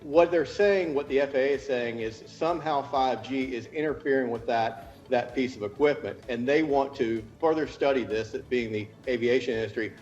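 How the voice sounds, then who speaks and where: A man's voice: medium pitch, normal speed, few pauses, darkish tone, dull audio, soft background music. A man from the United States, a consultant giving a news interview, explaining at length with restarts and careful hedging. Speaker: interview guest, cell tower consultant.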